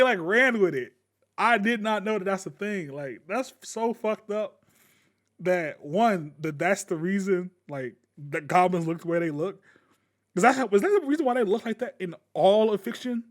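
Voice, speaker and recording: High-voiced man, casual rant, blunt, profane, emphatic, gaming YouTuber.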